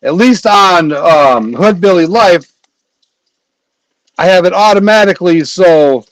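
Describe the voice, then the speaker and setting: Man, livestream host, casual rambling chat, filler pauses, fairly high voice. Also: lively intonation, poor audio.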